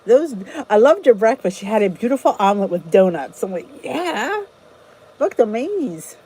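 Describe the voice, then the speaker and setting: Chatty woman host, lively mellow voice. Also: mid-range voice, a little fast, husky, low-quality recording. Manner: chatty, greets and answers viewers' comments by name; rambling with frequent restarts. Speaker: channel host. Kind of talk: casual livestream chat.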